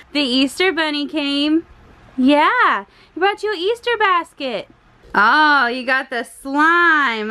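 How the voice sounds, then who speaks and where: A woman's voice: sits high, fairly bright tone. A young woman filming her family at home, giggling often and cooing baby talk at her toddler son. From United States. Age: young adult. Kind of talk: home video chat with a toddler.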